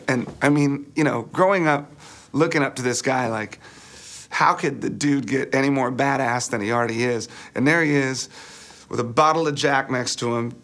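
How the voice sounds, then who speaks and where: A man interviewed for a documentary, telling a casual anecdote in a relaxed way and building up the scene detail by detail. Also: mid-range voice. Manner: relaxed, describes the scene piece by piece.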